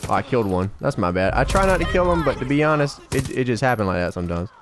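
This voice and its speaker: A man giving casual, slangy gameplay commentary as a let's play host, excitable and bantering with game characters. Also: medium pitch, fast, noisy background.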